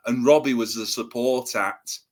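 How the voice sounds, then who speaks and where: Man, podcast host, easygoing, hesitant with fillers, mid-pitched voice. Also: unhurried. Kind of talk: casual podcast chat.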